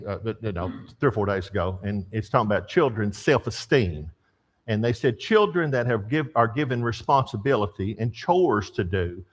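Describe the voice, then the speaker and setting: An older man teaching a church Bible class, telling stories and asking the class questions. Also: mid-range voice. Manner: storytelling, animated, asks the class questions.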